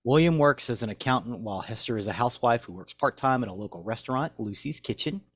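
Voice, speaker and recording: Man, podcast co-host, lowish voice, dry close sound, reads notes then chats. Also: dry recording. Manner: reads facts aloud, then chats loosely. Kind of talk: reading show notes and casual chat.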